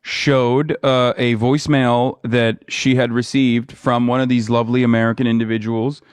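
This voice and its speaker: A man's voice: medium pitch, level tone, normal speed, clean tone, no echo. A man co-hosting a casual podcast, reading stories aloud and joking. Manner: reads news aloud, laughing and joking. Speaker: podcast co-host. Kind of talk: casual comedic podcast chat.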